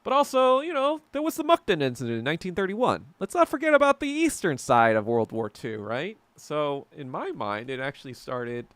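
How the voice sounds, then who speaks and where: A man's voice: fairly high pitch, wildly swooping pitch, fairly quick, hardly any pauses, fairly bright tone, dry recording. A man hosting a casual podcast chat, reading comments and rambling through profane tangents with frequent restarts.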